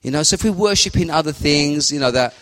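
A man's voice: fairly high pitch, animated, fast, fairly bright tone. A middle-aged man giving an informal, rambling sermon, acting out his prayers aloud. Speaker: preacher. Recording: long hall reverb.

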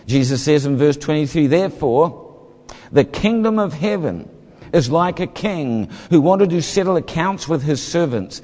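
A man's voice: on the high side, lively intonation, normal speed, darkish tone. A man preaching a sermon, reading scripture and explaining it, briefly acting out voices from the story. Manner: expository, acts out the parable's voices. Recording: hall reverb.

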